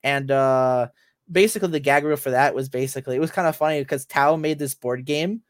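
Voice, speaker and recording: A man's voice: mid-range voice, fairly quick, no room sound, clean studio sound. A man co-hosting a casual podcast about games and anime, rambling with many fillers and restarts. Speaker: podcast co-host.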